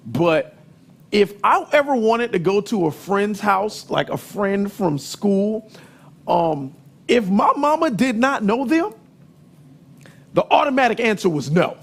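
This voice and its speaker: A middle-aged man preaching a sermon, telling lively personal stories with emphatic, sometimes shouted lines. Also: high voice, slow pace.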